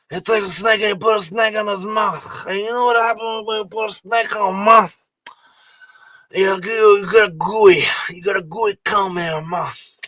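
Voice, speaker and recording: A shouting, high-pitched snake-hunter impression. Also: male voice, no room sound. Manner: shouting, high strained exaggerated delivery. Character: impression of a film star as a menacing male snake hunter, broken English.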